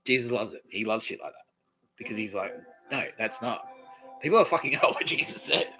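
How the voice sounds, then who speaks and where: Man, Australian accent, comedy podcast host, crude rambling monologue, forceful bright tone, faint music underneath. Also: mid-range voice, lively intonation, fast talker, rough recording. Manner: crude, swearing, giggly.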